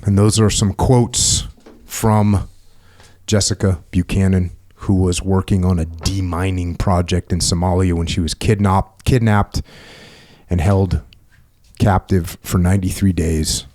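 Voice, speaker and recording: A podcast host, a man whose voice sits a little low. He introduces the show and speaks in a steady, measured, deliberate manner. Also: no echo.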